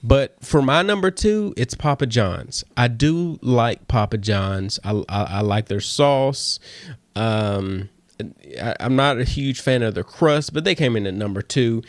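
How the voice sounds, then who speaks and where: A man's voice: medium pitch, expressive, measured pace, no echo. A man hosting a casual solo podcast, talking playfully and slipping into a radio DJ countdown voice. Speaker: podcast host.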